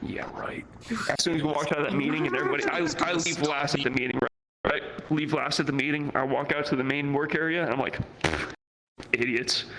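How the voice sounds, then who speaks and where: A young man with a bright, edgy voice pitched a little high tells a rambling, swear-heavy story on a live stream. He jumps into the voices of the people in his story as he goes. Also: fast talker, poor audio. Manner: profane, animated, acts out the people he quotes. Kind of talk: casual storytelling on a livestream.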